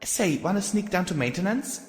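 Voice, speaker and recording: A man's voice: sits high, expressive, moderate pace, pitched above the performer's own voice. A man voicing a bossy young filly security pony, brash and pushy, in an echoey room with long reverb.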